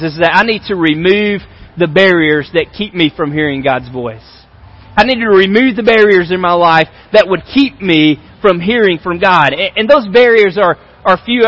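A man's voice: high voice, fairly bright tone, poor audio. A male pastor giving a conversational sermon in a large church auditorium, repeating phrases for emphasis.

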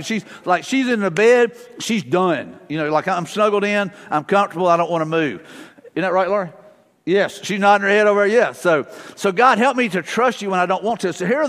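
A man's voice: sits high, a little fast, fairly bright tone. A middle-aged male pastor preaching a sermon in a church, casual and conversational, mixing family stories with repeated short prayers. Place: church sanctuary. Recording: long church-hall reverb.

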